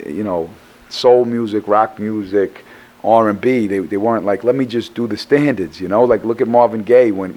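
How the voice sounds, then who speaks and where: Hoarse, tired man stammering through profane talk. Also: fairly low pitch, a little mellow. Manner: profane, rambling, stammering restarts. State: tired and hoarse after a show. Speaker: rapper guest. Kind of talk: casual interview chat.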